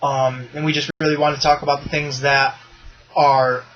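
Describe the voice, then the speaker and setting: A man's voice: mid-range voice, normal speed, dull audio, soft background music. A man hosting a podcast in casual chat, loose and profane, ranting with energy. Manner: loose, profane, animated rants. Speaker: podcast host.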